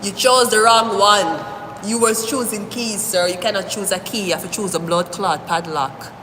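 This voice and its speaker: A woman giving a live-stream tarot reading, talking straight to the viewer in an animated, rambling way, often cursing. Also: mid-range voice, normal speed. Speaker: tarot reader. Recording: echoey room with long reverb, faint hiss.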